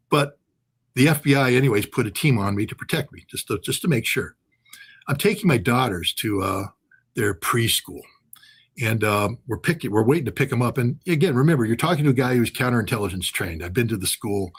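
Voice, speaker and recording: A man's voice: mid-range voice, fairly quick, slightly rough. A man in his sixties, a former weapons inspector, telling long stories as a guest in an interview, with many fillers and restarts. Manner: animated anecdotal storytelling with many fillers. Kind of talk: storytelling interview answer.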